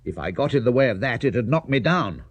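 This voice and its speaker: A man's voice: mid-range voice, big pitch swings, brisk, dry recording. A man voicing a flustered, overworked cuckoo who lives in a clock, talking in a fussy, anxious hurry.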